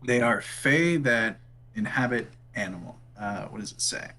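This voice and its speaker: A man at a tabletop game reads out his rolls and moves in a plain, matter-of-fact way. His voice sits at an ordinary middle pitch. He talks easily and without fuss. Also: animated, normal speed, sharp tone. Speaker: player. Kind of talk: casual tabletop game talk.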